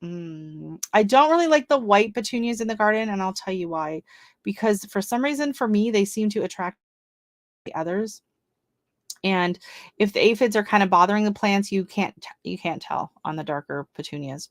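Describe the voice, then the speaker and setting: This woman, not from Canada, keeps up easy live-stream chat while hosting a gardening broadcast, reading seed listings and reacting to them. She has a mid-range, fairly bright voice, recorded at studio quality with no echo.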